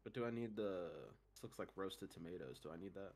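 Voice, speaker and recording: A man streaming live, chatting casually, animated, laughing often and poking fun at himself. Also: low voice, fairly quick.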